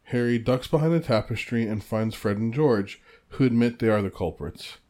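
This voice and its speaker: A man co-hosting a podcast, reading a chapter summary in a steady, matter-of-fact way. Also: medium pitch, moderate pace. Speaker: podcast co-host.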